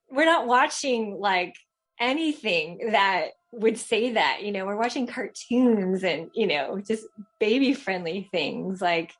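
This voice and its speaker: A woman's voice: mid-range voice, expressive, slow. A woman in her thirties from Los Angeles, calling in to tell a personal story in a casual, rambling way, with many fillers and restarts. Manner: chatty, many fillers and restarts, laughs often. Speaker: caller sharing a story.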